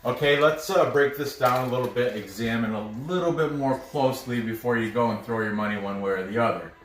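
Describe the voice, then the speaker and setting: A man's voice: mid-range voice, a little fast. A man casually breaking down soccer matches for bettors, thinking aloud and stumbling over names. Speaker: sports betting analyst. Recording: roomy, mic at a distance.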